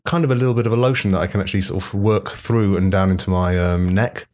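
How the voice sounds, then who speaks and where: A low-voiced man hosting a comedy podcast. He jokes in a dry, deadpan, casual way and keeps absurd bits rolling. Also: quick pace. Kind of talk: casual comic banter.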